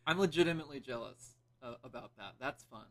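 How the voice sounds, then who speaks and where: A male comedian guests on a podcast in a bright voice. He talks in an easygoing way and laughs along with the host. His pitch is mid-range, and he's recorded on a couch at home. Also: animated, fast. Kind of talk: casual podcast chat.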